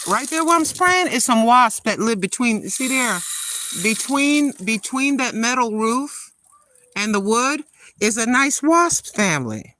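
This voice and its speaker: Her voice fairly high, expressive and fairly bright, paced in a measured way, an older woman vlogs from her garden as she waters it outdoors. Filming on a handheld phone, she chats casually with viewers, talks to herself, sounds tired, and calls herself Granny.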